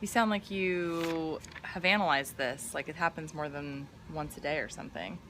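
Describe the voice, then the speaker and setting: A woman's voice: low-pitched, moderate pace, a bit bright, slight background noise. A young woman co-hosting a casual chat show with her husband, talking in a chatty, teasing way with many fillers. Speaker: podcast co-host. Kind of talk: casual live-stream chat.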